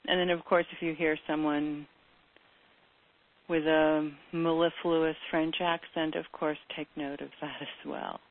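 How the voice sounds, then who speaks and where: A woman's voice: low voice, flat delivery, a little slow. A woman giving a conversational daily listening lesson, addressing her audience as their teacher. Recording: tinny phone-like sound.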